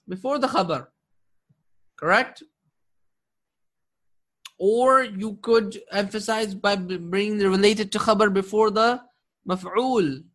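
Man, high-pitched, Arabic grammar teacher, classroom lecture, keeps checking "right?". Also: a bit bright. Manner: quizzing students with frequent "right?" and "correct?"; recites Quranic verses quickly in Arabic.

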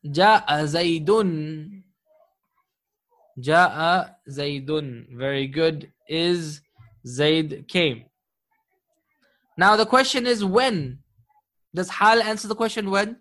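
A man's voice: high-pitched, slow, pauses often, pushed and bright. A man teaching an Arabic grammar class live online, patient and encouraging, often chuckling.

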